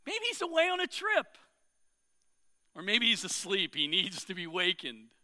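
A man voicing a bold, fierce prophet, declaiming slowly and forcefully. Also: high-pitched, big pitch swings, full character voice. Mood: mocking.

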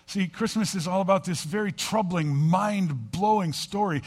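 Middle-aged pastor guy preaching, storytelling, fairly high voice, does all the voices. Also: normal speed. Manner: animated storyteller acting out quoted voices. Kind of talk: sermon storytelling.

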